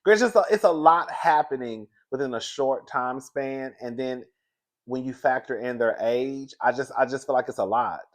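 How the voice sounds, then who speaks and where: A man talks through a reality-show recap in a loose, gossipy way. His voice sits at a middle pitch, and he laughs often and keeps calling his listeners "girl.". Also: moderate pace. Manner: chatty, gossipy and animated, laughs often, says "girl" a lot. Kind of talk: casual chat.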